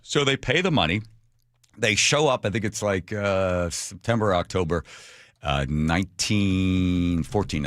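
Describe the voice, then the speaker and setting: A man hosting a radio talk show, casually retelling a history story with jokes and quick put-on voices. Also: deep voice, a bit bright, dry recording, studio quality. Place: radio studio. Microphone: studio microphone.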